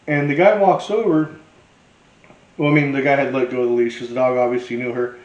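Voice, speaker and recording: A man's voice: medium pitch, steady tone, a little fast, echoey room, highs cut off. A man hosting a cooking show, telling a rambling, profane story and laughing as he cooks. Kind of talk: casual storytelling while cooking.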